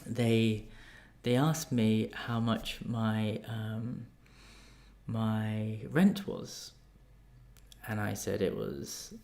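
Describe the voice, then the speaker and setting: A man with an English accent, a life coach telling a personal story in a casual, animated way. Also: on the low side, extremely slow, creaky. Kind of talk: storytelling vlog.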